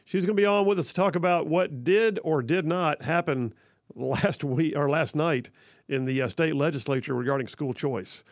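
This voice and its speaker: Man, talk radio host, gravelly voice, dry close studio sound, upbeat, rambling. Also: fairly high pitch, normal speed, dry recording. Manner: upbeat, jokey, rambling with fillers. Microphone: studio mic.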